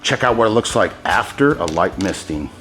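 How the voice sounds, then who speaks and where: A man hosting a hands-on epoxy tutorial, talking straight to his viewers, excited by his own results and handing out pro tips as he works. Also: fairly low pitch, moderate pace, music in the background. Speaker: host demonstrating epoxy countertop techniques.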